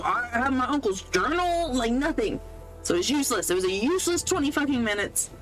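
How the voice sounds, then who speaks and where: A woman's voice: fairly high pitch, fairly bright tone, a little hiss or hum, poor audio. A woman podcast host casually recapping a movie while playing a video game, sarcastic and full of swearing, laughing often.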